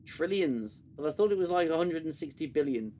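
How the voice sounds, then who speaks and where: A man's voice: fairly high pitch, lively intonation, a little fast, dark tone, slight background noise. A man hosting a casual review chat, sarcastic and exasperated, often restarting his sentences. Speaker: podcast host.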